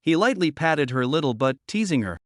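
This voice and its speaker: Steady male story-recap narrator. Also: a little high, fairly quick, no echo, clean studio sound.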